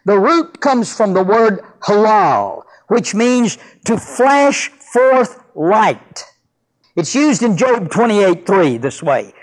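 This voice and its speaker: An older man preaching a sermon about teaching children, telling stories from his family and ministry. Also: high voice. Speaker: pastor.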